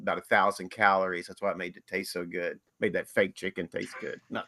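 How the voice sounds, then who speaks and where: Guy guest rambling easy on a podcast, bright voice, dry close mic. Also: low-pitched, flat delivery, brisk, no echo. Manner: laughs often, rambling and easygoing. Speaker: voice actor guest. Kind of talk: casual podcast chat.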